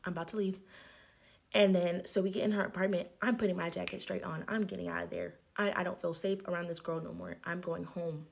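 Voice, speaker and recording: A woman's voice: on the low side, flat delivery, fast, vocal fry, hardly any pauses. A woman in a viral clip telling a story in a casual storytime, blunt and indignant.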